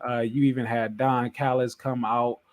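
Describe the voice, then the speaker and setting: A man from the US West Coast co-hosting a wrestling podcast, talking in casual, slangy, animated chat and laughing often. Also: mid-range voice, moderate pace. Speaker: podcast co-host.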